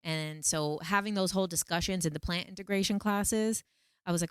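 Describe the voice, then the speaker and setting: A woman vlogger telling a personal story to camera in a casual, animated, emphatic way. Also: medium pitch, a little fast, smooth, no echo, clean studio sound. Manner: animated, emphatic, repeats phrases for effect.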